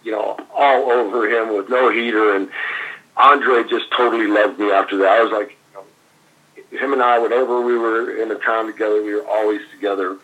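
Husky, forceful older man telling stories. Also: lowish voice, normal speed, lo-fi sound. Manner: animated anecdote teller, frequent laughs and fillers. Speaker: guest, former pro wrestler. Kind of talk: casual storytelling interview.

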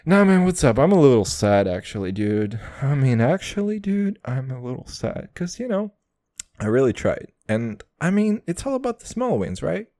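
Young male podcast host, brash and foul-mouthed, lively swooping pitch, dry close mic. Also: moderate pace, dry recording. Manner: profane, brash, self-mocking, calls listeners boys. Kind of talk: casual comedic monologue.

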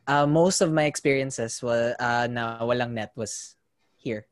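A man's voice: medium pitch, unhurried, no room sound, studio quality. A man from the Philippines talking in a casual group chat, a bit sheepish.

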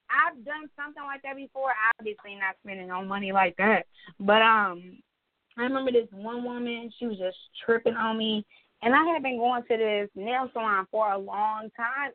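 Young woman podcast cohost, fired up storytelling, cussing a lot, kinda high voice, tinny dry phone sound. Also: no room sound. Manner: animated storytelling, swears freely, acts out quotes. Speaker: podcast co-host. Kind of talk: casual chat.

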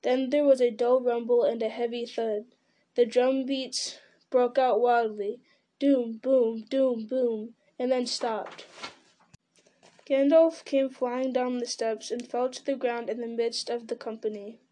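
Woman reading a fantasy book out loud, kinda high, mellow, dramatic with little slips. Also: steady tone, unhurried. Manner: dramatic storytelling with occasional slips. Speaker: reader. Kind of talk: reading a fantasy novel aloud.

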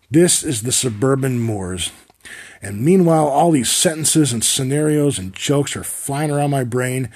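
A man in his forties tells a rambling comic story as a podcast host, wry and freely profane. His voice is gravelly with plenty of fry and a husky edge. He sits at an average pitch for a man. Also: darkish tone. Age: 40s.

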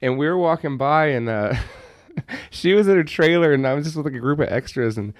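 A man co-hosting a podcast, telling profane anecdotes in an animated, casual way. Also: fairly high pitch, brisk, dry recording. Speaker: podcast co-host.

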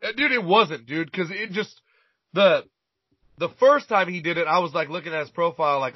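Husky guy rambling crude story, swears constantly, dull lo-fi dry recording. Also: high voice, moderate pace, no room sound. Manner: profane, rambling, repeats words when starting sentences. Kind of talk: casual chat, crude storytelling.

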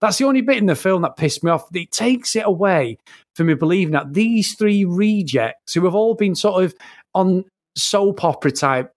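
A man, co-hosting a casual film review podcast, talking in an animated, sweary, rambling way. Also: high-pitched, moderate pace, dry recording, studio quality. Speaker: podcast co-host.

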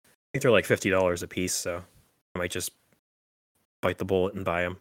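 A man's voice: low-pitched, little pitch movement, fairly quick, no echo. A man hosting a podcast, recapping a horror film in casual chat, full of "like" and "um". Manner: rambling, filler-heavy with frequent "like" and "um". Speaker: podcast host.

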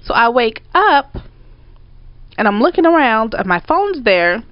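Woman, casual storyteller, lively and profane, dry dull recording. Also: on the high side, a little slow, no echo. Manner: animated, swearing, acts out her own outbursts. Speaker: storyteller co-host. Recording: dry, slightly dull audio.

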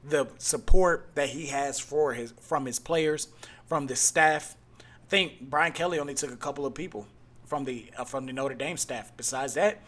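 A man from Cleveland, Ohio hosting his own podcast, talking casually and breaking into loud mocking outbursts. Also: medium pitch, moderate pace. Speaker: podcast host. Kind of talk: casual solo podcast talk.

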